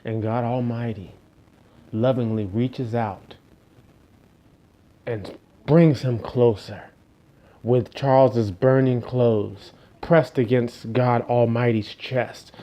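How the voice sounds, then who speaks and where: A male preacher tells a parable as a sermon in a mid-range voice. He is dramatic, stretching words slowly and falling to a near hush to drive points home. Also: mid-range voice, steady tone, muffled recording. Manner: dramatic, slows and drops to a hush for emphasis. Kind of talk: storytelling sermon.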